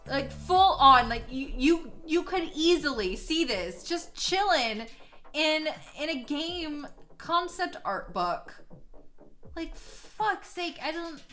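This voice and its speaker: A young woman streaming while she draws, gushing excitably, swearing a lot, laughing often and trailing off mid-sentence. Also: high-pitched. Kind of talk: casual live-stream chat while drawing.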